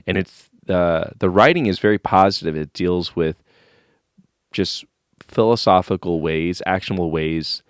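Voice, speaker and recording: A man's voice: low-pitched, unhurried, smooth, no echo, studio quality. A man co-hosting a podcast in casual chat, a rambling storyteller who corrects himself as he goes. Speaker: podcast co-host.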